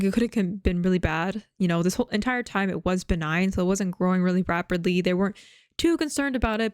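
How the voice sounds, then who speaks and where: A woman's voice: lowish voice, a little mellow, clear, resonant tone, no room sound, clean studio sound. Woman VTuber in casual rambling chat. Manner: rambling, many fillers and restarts; talks while chewing gum.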